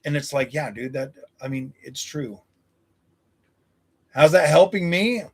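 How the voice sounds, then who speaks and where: Gravelly, combative man in his forties. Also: on the high side, unhurried. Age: 40s. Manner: blunt, combative, profane banter. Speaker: streamer. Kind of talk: live stream chat, answering viewers.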